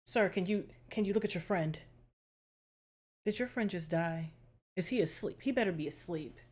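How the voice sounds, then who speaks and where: A woman's voice: mid-range voice, moderate pace, a little mellow, faint music behind. A woman hosting a reaction video, talking casually and bluntly with lots of exasperation and swearing.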